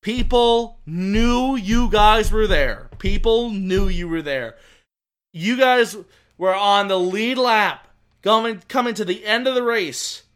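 Man, high voice, bright tone, casual excited podcast chat, rambling. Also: takes it slowly. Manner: excited, rambling, many restarts. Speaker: podcast co-host.

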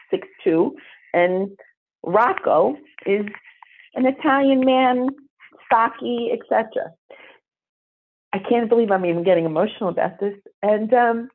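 Animated woman telling a story over a phone-like line. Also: mid-range voice, slow pace. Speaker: guest. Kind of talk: storytelling interview. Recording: phone-like narrow sound.

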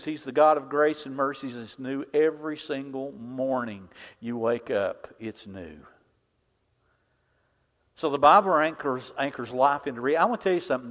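A man preaching a sermon as pastor, impassioned, swinging from loud declarations to hushed, intimate lines. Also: mid-range voice. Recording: dull, reverberant hall sound.

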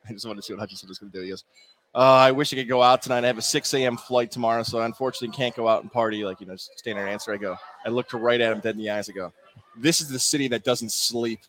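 Fast-talking storytelling sports man. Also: fairly low pitch, fairly even intonation, fairly bright tone. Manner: quick, storytelling, defensive. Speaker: sports talk co-host and Heisman voter. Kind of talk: casual sports radio banter.

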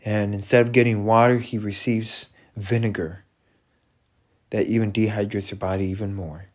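A man giving a slow, halting devotional retelling and prayer, reflective, with frequent restarts. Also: lowish voice, fairly even intonation, darkish tone. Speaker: preacher.

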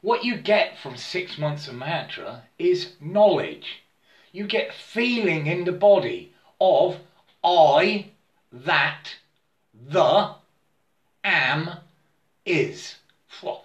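A man with a fairly high voice talks very slowly in a rambling, spiritual monologue. He stammers, loops back on words and keeps checking in with his listener. The room around him rings with a noticeable echo. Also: lively intonation, lo-fi sound. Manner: halting and repetitive, stammers and keeps asking "yeah?". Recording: roomy echo.

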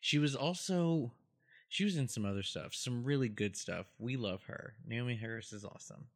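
A man co-hosting a podcast in casual chat, playful and quick to laugh. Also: mid-range voice, lively intonation. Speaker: podcast co-host.

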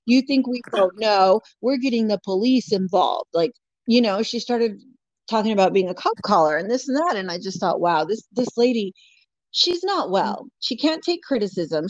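In dull, lo-fi, dry audio, a guest from California with a mid-range, darkish voice tells a story during casual conversation. She speaks bluntly, with plenty of swearing and frequent "like" fillers.

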